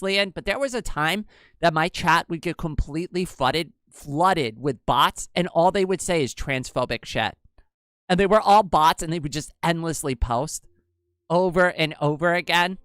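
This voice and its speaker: A woman's voice: on the low side, moderate pace, fairly bright tone, no echo, clean studio sound. A young woman with an androgynous-sounding voice, chatting casually with her livestream viewers and rambling with lots of fillers. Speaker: livestream host. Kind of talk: casual livestream chat, answering chat.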